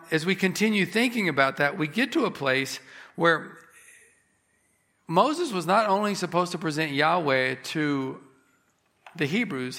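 A man preaching a sermon, emphatic, rising on key phrases and slowing down for effect. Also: on the high side, vocal fry, pushed and bright. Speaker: pastor.

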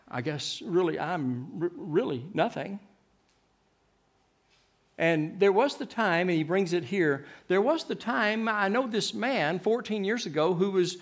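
A man preaching a sermon, swinging from loud, emphatic lines to hushed ones and often repeating his words. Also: high-pitched.

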